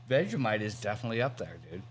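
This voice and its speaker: A man's voice: on the low side, sing-song, fast talker, a little hiss or hum. Crude teasing male co-host. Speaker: podcast co-host. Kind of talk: casual chat.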